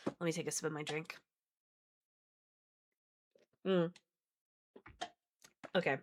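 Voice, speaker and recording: A woman's voice: fairly low pitch, sharp tone. Casual woman streamer reading aloud. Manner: casual, swears and laughs between read passages. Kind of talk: live-stream book reading with chat asides.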